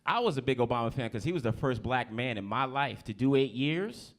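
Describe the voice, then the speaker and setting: Speaking a bit quickly with lively intonation and a medium pitch, a New Jersey man works through a stand-up set on a club stage. He talks casually and teases the people watching.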